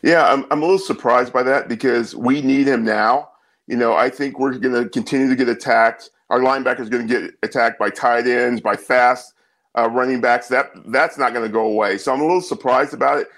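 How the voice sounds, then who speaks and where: Guy breaking down football as a guest, mid-pitch, lots of ums and restarts. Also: steady tone, a bit bright, poor audio. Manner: measured, many fillers and repeats. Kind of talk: casual sports talk.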